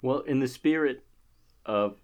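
A man's voice: medium pitch, measured pace. A man co-hosting a comedy podcast, keeping time and joking in a playful, giggly way. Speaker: co-host and timekeeper. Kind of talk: casual comedy podcast banter.

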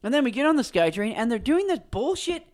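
Give me a man with lively, swinging intonation, bluntly telling a story. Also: extremely high pitch, fast. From Canada. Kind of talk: casual chat.

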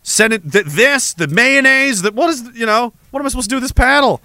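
A man's voice: very high-pitched, animated, a little fast, pushed and bright, no echo. A man hosting a livestream, reading chat messages aloud in a rambling, profane, sarcastic way.

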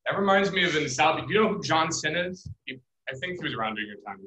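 A man hosts a casual podcast chat, telling relaxed stories full of fillers. His voice is bright and a little sharp, and he talks at a quick clip. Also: fairly high pitch, lo-fi sound.

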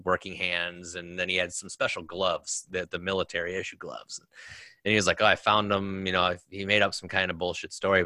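A low-voiced man with a bright, forward tone recounts his deployments in easy, rambling conversation, padding his stories with fillers. The sound is dry and close. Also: dry recording. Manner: storytelling with many fillers. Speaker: veteran guest. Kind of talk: casual conversation.

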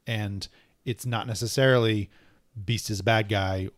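A man co-hosting a casual comic book chat, thoughtful and measured, often restarting his phrases. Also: on the low side, steady tone, no echo, studio quality. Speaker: podcast co-host.

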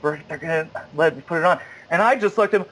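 Speaking fast on a low-quality recording, a man casually relates an audition story as a guest. He animates the quoted dialogue with sudden high jumps and keeps stammering and restarting his sentences.

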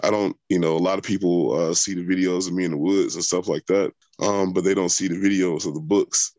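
A young adult man, being interviewed, rambles through a long personal story in conversation, full of fillers and restarts. His voice is deep and slightly mellow, captured in a dry recording.

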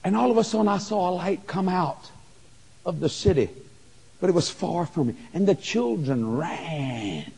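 High, husky male preacher, lively swings, excitable storyteller, big hall with long reverb. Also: moderate pace. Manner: excited storytelling, stammers and exclaims. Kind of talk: sermon testimony.

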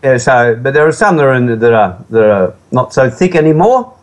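A man's voice: medium pitch, sing-song, fairly quick. A man with an Australian accent, a guest on a radio interview, talking in a rambling, chatty way with frequent restarts.

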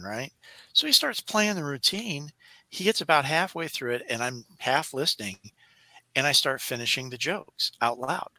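Bright-voiced man telling animated stories. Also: medium pitch, normal speed, dry recording. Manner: animated storyteller who acts out voices. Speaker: podcast co-host. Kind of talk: casual chat.

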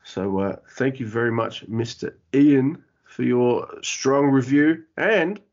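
A man's voice: mid-range voice, slow pace, darkish tone, muffled recording. A man hosting a podcast, chatting easygoing and playful about a match. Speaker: podcast host. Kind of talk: casual podcast chat.

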